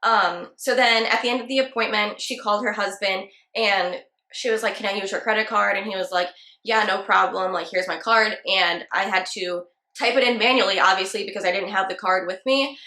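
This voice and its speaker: A woman's voice: medium pitch, fairly quick, sharp tone, echoey room. A young woman, a hairstylist, telling a casual storytime with many filler words. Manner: chatty, lots of "like" fillers. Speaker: hairstylist and channel host.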